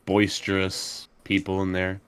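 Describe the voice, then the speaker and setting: A man playing a tabletop game, speaking with a very deep voice that is still bright and crisp. The sound is close and dry, and he drops joking asides to the table. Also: completely flat delivery, measured pace, no room sound. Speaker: player. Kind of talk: casual tabletop play.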